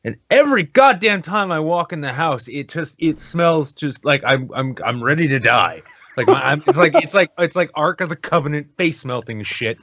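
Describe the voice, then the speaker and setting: A man's voice: fairly high pitch, animated, normal speed, fairly bright tone, no room sound, highs cut off. A man telling a crude, joking anecdote on a podcast, swearing freely. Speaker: podcast co-host. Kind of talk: casual chat.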